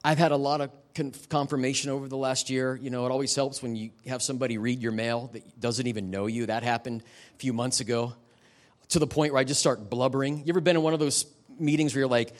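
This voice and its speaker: A middle-aged man giving a guest sermon at a church service. He tells personal stories in a candid, emotional way and turns to the audience with quick asides. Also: mid-range voice, steady tone. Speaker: guest preacher. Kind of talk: conversational sermon ending in prayer.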